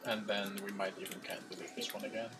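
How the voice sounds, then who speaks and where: A man's voice: on the low side, level tone, fast talker, background noise. A man with a German accent, co-hosting a stream and explaining modeling steps as he works. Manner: explains software steps while working. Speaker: co-host reviewing 3D models. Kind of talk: casual stream commentary.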